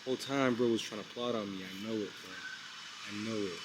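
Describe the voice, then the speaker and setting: A young man vlogging outdoors at night, telling a story in a casual, excited, slangy way, rambling with lots of "like" and "bro". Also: fairly low pitch, a little fast. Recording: outdoor street noise with passing traffic.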